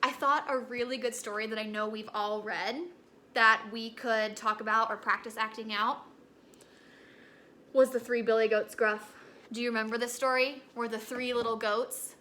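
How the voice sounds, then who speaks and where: A young woman teaching a recorded lesson to kindergartners in a gentle, encouraging storytelling way. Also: fairly high pitch, fairly even intonation, moderate pace.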